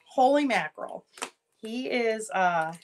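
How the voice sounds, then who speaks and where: A woman in her thirties hosting a live jewelry sale, rambling through family stories with many fillers and acting out her kids' lines in a higher voice. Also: animated, slow, slight background noise, rough recording. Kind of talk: casual chatty live selling.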